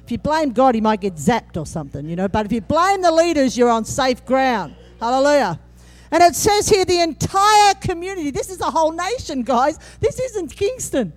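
A woman preaching a sermon, animated and humorous, acting out scripture quotes with sudden jumps in voice. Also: sits high, normal speed.

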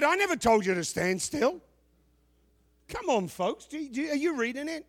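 A middle-aged man preaches in a high, ringing voice. He booms out scripture and then pulls back to low, talky asides to the congregation. The sound is close and dry, with no room echo. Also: sing-song, moderate pace, long pauses. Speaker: pastor. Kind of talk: sermon.

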